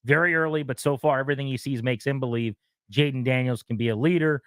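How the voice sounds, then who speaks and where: A man hosting a sports talk radio show, running briskly through team news and notes. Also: mid-range voice, dry recording.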